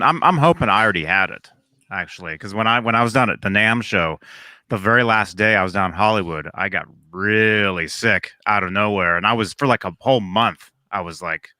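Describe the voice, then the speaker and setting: A man with a bright, sharp tone and a very lively pitch, giving hesitant co-host replies on a live stream. His voice sounds dry and close, with a guitar heard behind him. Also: moderate pace, dry recording. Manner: hesitant, filler-heavy replies. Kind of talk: casual live-stream chat.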